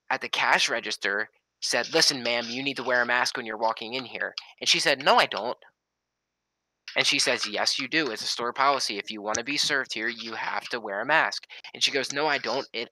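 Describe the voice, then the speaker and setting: A man's voice: medium pitch, pushed and bright, no echo, rough recording. A young man telling a story in casual, heavily profane talk. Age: young adult.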